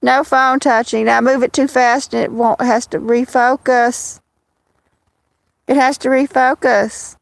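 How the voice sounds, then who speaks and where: A woman's voice: fairly high pitch, level tone, a little slow, gravelly, no room sound. A woman hosting a casual phone livestream outdoors, chatting to her cats and viewers in a rambling way. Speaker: livestream host. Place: outdoors with kittens, walking to a field.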